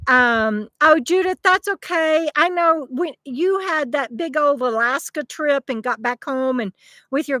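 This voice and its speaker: A middle-aged woman chats through a casual livestream, reading out viewer comments and drifting from one story to the next with plenty of fillers and easy laughter. Her voice sits a little high, and the sound is close and dry. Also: no room sound. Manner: chatty and rambling, with frequent fillers and laughs. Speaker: channel host. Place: outdoors by a wooded river.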